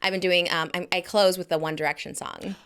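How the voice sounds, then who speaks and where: A woman's voice: on the low side, fairly even intonation, brisk, fairly bright tone, clear, resonant tone. A woman hosting a podcast, chatting casually in a playful, rambling way. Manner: playful, rambling, puts on joke voices. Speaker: podcast host. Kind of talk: casual gossip chat.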